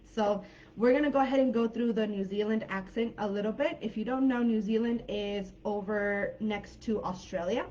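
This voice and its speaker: A woman's voice: medium pitch, moderate pace, mellow, muffled recording, slight background noise. An American woman from California teaching a live online English class in a chatty, informal way, with many fillers and hedges. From California, United States.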